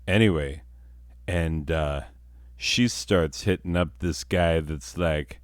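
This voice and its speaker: A man's voice: a bass voice, slow pace, dry recording, studio quality. A man telling a comic story with rambling, self-mocking asides. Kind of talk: comedic storytelling.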